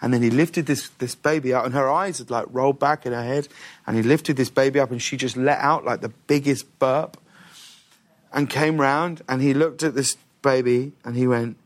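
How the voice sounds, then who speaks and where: A man, a guest on a talk show, telling an animated story in a television studio. He laughs often and fills his speech with "like" and "uh". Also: medium pitch, moderate pace.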